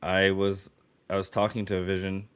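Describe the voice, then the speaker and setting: A man with a fairly low voice co-hosts a casual podcast. He talks excitably, tripping over his words and starting sentences again. His telling of a story rushes ahead. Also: clean tone. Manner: excitable, lots of restarts. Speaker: podcast co-host. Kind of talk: casual chat.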